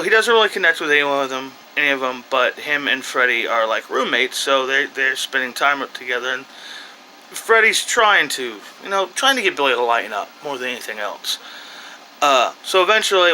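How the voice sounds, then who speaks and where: Bright rambling man reviewing a movie. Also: mid-range voice, slight background noise, rough recording. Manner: rambling, with frequent restarts and asides. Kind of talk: casual off-the-cuff review.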